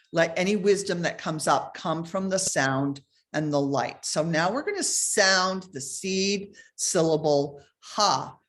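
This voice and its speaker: A woman leading a guided meditation over a video call, giving soft, slow instructions with pauses. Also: deep voice.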